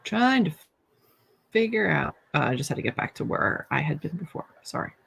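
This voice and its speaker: A woman's voice: low voice, very animated, normal speed, vocal fry, a bit bright, slightly rough. A young woman hosting a casual writing livestream, chatting and reading viewer comments aloud. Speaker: livestream host.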